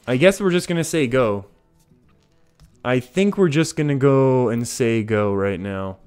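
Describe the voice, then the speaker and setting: A man's voice: mid-range voice, a little slow, darkish tone, clear, resonant tone. Chatty Canadian man streaming a card game. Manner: chatty, laughs often, reads out chat. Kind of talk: live gameplay commentary. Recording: faint music behind.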